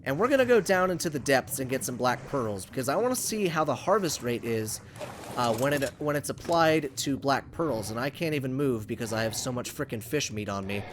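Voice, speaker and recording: A young man casually commenting on his gameplay for viewers, excitable and rambling, talking to the creatures he meets. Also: medium pitch, a little fast, a little hiss or hum. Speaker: gaming channel host. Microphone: USB condenser microphone.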